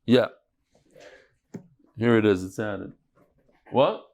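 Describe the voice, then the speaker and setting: A man's voice: lowish voice, takes it slowly, vocal fry, a little mellow. A middle-aged man teaching a Talmud class, telling stories and bantering with his students.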